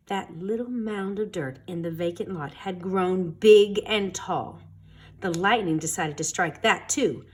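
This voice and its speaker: A woman reading a children's storybook aloud in an expressive, dramatic storytelling manner. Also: mid-range voice, breathy edge. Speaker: storytime reader.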